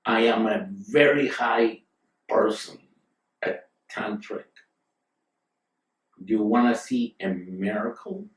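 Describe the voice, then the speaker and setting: A boastful, scolding female tantric mystic, spoken slowly and unhurried, as a male storyteller puts her on. The voice is caught from a distance, with a roomy echo around it. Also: lowish voice. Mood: indignant. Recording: roomy sound from a distant mic.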